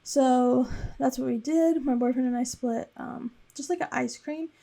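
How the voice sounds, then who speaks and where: A woman's voice: high-pitched, a little slow, vocal fry, mellow. A young woman casually recapping her weekend in a rambling, chatty voice-over for her planner vlog. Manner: rambling and chatty, with frequent fillers. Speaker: planner vlogger.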